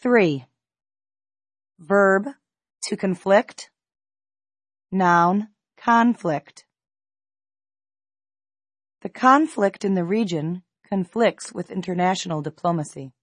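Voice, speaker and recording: A woman slowly reading a scripted pronunciation lesson, enunciating each word with deliberate care. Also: on the low side, dry recording, clean studio sound. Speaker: pronunciation teacher. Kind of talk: slow scripted pronunciation drill.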